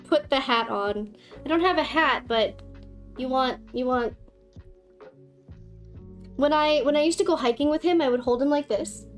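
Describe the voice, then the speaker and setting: Giggly high-voiced young woman streamer. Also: normal speed, pauses often, soft background music. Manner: giggly, swears casually, gushes over her cat. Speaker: livestream host. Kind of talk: casual livestream chat.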